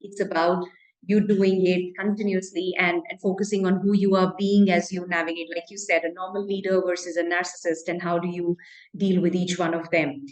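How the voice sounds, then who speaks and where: A woman hosting an interview as a coach, reflectively summing up her guest's points in a warm, appreciative way with frequent fillers. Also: fairly low pitch, level tone, normal speed, echoey room, rough recording. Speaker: host, happiness coach. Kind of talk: interview host summarizing.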